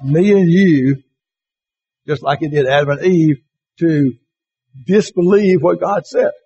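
A man teaching a Bible class, reading verses slowly and with emphasis and putting questions to his listeners. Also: mid-range voice, a little mellow, muffled recording, a little hiss or hum. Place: classroom or church hall with slides.

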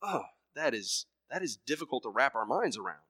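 A man preaching a sermon in his thirties, with a voice of middle pitch. He talks emphatically, repeats himself, and drops from loud bursts to soft murmurs. The sound is dry and close, with no room echo. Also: sing-song, a little fast, breathy edge.

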